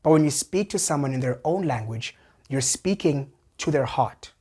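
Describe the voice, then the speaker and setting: A young man hosting a satirical comedy show, delivering a wry, animated monologue. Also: mid-range voice, moderate pace, breathy edge. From South Africa. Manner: wry, animated, jumps into voices.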